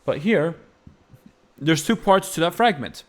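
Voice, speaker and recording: A man with a rather high, expressive voice speaks a little slowly while teaching Byzantine-style chant phrasing. He explains patiently and sings short phrases as demonstrations in this music lesson.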